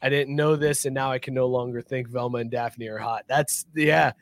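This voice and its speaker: A man's voice: medium pitch, steady tone, normal speed, no room sound, studio quality. A man hosting a sports podcast, rambling, joking and swearing in casual banter. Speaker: podcast host.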